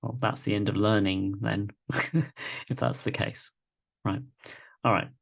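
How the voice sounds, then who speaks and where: A man with a fairly low, steady voice and vocal fry leads a live online masterclass at a measured pace. As workshop facilitator he speaks reflectively, often checking in with "right?", over a video-call microphone.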